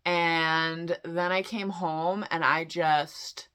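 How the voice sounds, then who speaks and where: A woman's voice: fairly low pitch, fairly even intonation, very slow, pushed and bright, clear, resonant tone. Chatty woman vlogging her weekend. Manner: chatty, self-deprecating. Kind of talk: casual vlog chat.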